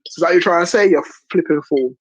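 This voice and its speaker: A woman's voice: on the low side, very fast, darkish tone, no room sound, highs cut off. A woman hosting a stream, reacting in casual chat in a blunt, incredulous, swearing manner. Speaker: stream host.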